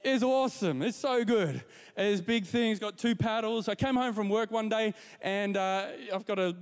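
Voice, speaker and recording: A man delivers a sermon, moving between scripture and everyday stories about his week. His voice sits high and comes through smooth and clear. The sound rings with the long reverb of a large hall. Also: normal speed. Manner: warm storytelling with repetitions and asides to the congregation. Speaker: pastor.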